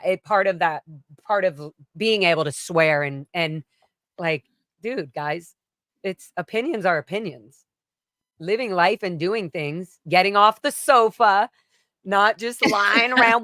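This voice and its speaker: A woman's voice: on the low side, measured pace, a bit bright, no room sound, studio quality. A woman singer chatting as a guest in an interview, swearing freely and slipping into playful put-on voices. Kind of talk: casual interview chat.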